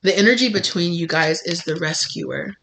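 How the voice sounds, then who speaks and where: Bright-voiced tarot reader doing a chatty pick-a-card read, rambly, says like a lot. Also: mid-range voice, normal speed, creaky, slight background noise. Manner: rambling and effusive, full of "like" and restarts.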